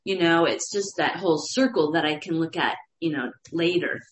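A woman sharing a vulnerable personal experience after a meditation, searching for words as she talks. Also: low voice. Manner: searching, halting, confessional. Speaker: meditation group participant. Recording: roomy echo.

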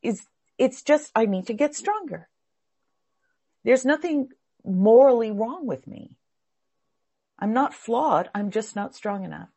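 Brief: woman teaching a class, sincere and searching, rough grainy voice with a breathy edge. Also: fairly high pitch, lively intonation, slow pace, pauses often, mellow. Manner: earnest, heartfelt, searching. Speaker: spiritual teacher.

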